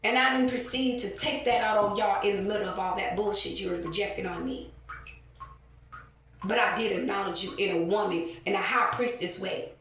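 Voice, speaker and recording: A woman's voice: mid-range voice, normal speed, fairly bright tone. A woman, telling a heated, profane story to camera with many fillers. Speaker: vlogger. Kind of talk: casual rant to camera. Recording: very echoey, distant, faint ambient noise.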